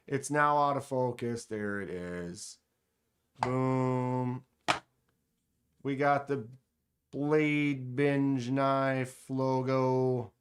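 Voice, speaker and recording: A man's voice: medium pitch, a bit bright, clear, resonant tone. A man hosting a casual knife livestream at a table indoors, chatting enthusiastically and reading the chat aloud. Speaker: knife channel host.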